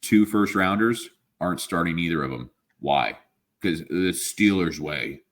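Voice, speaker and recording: Very deep-voiced man ranting about football. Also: expressive, unhurried, fairly bright tone. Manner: ranting, profane, frustrated. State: sick. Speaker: podcast co-host. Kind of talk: casual sports chat.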